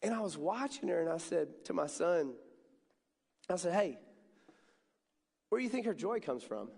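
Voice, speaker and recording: A high-pitched man in his thirties speaks to a student crowd, animated and chatty, leaning into every story. His voice carries a long, echoing reverb from a large hall. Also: moderate pace, gravelly, husky. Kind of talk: storytelling sermon.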